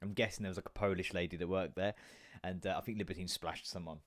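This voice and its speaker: A man's voice: sits low, steady tone, fast talker, dry recording. Male podcast host in his thirties, comic, sweary, loose and rambling, dry close sound. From United Kingdom. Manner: jokey, swearing, rambling asides; comedic, stand-up performer. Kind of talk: casual chat.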